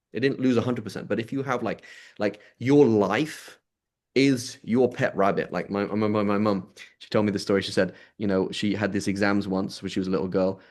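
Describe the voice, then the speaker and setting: A man's voice: on the low side, darkish tone. A man giving an informal religious lesson, conversational, often checking in with his listeners by asking "right?" and "you know?". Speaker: Islamic teacher.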